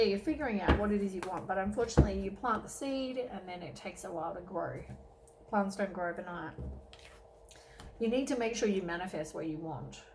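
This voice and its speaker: A woman's voice: medium pitch, background noise. A woman giving a casual tarot reading, tired and yawning, rambling with many ums and self-corrections. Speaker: tarot reader.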